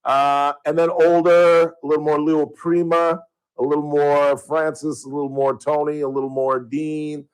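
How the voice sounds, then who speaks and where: A man's voice: a little high, level tone, moderate pace, clean tone, rough recording. A man hosting a talk radio show, rambling casually and chuckling at his own jokes into a studio microphone.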